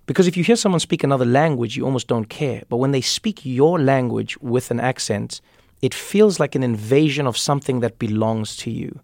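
A man's voice: medium pitch, a little fast, gravelly, a little mellow, no room sound, studio quality. A man from Africa, speaking thoughtfully as an interview guest and repeating words as he builds a point. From South Africa. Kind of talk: conversational interview.

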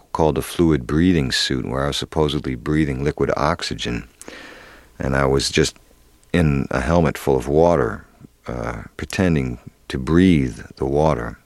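A middle-aged actor telling an interviewer a candid story, halting with fillers and restarts. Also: male voice, rumbling low, dry recording. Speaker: actor guest.

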